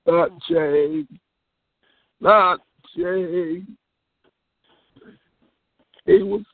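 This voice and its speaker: High, creaky prank caller over a phone line. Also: male voice, sing-song, drawn-out words, no echo. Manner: theatrical fake grief, exaggerated swoops. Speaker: host making prank calls to a phone chat line. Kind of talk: prank call, mock-mournful speech. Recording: phone-line audio, dry.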